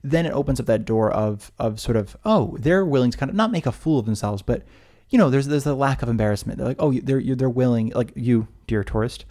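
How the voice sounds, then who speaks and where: A man's voice: medium pitch, expressive, a little fast, dark tone. An American man co-hosting a podcast in casual chat, rambling with many restarts. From United States. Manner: rambling, lots of restarts and fillers. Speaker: podcast co-host.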